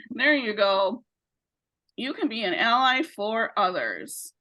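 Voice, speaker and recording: Bright-voiced woman leading an online training. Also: on the high side, very animated, takes it slowly, rough recording. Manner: encouraging, checks in with "right?". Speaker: training facilitator. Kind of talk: virtual training lesson. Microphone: video call.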